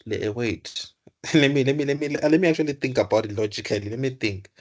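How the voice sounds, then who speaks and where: A man's voice: medium pitch, brisk, darkish tone. A young man tutoring computer science, explaining code aloud, often correcting himself and repeating words. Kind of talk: live coding lesson.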